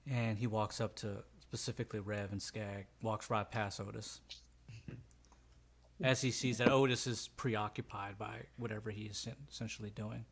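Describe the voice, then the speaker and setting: A man's voice: lowish voice, steady tone, normal speed, creaky, husky. A man running a tabletop role-playing game as game master, narrating hesitantly with frequent fillers. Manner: hesitant, full of "um" and "kinda".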